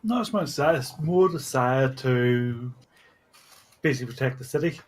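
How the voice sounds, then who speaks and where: A man's voice: mid-range voice, moderate pace. A man playing a tabletop game, hesitantly explaining his character's motives. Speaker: player.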